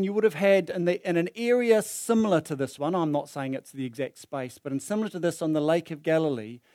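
Full of energy, a man preaches a sermon, acting out the story with voices as his pitch rises and falls. His voice sits slightly high for a man, captured close and dry on a handheld or stand microphone.

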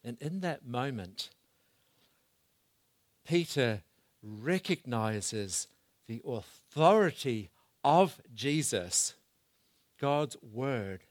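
A man preaching a sermon, swinging between loud bursts and hushed asides as he asks the congregation questions. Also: medium pitch, animated, extremely slow, pauses often, no echo, clean studio sound.

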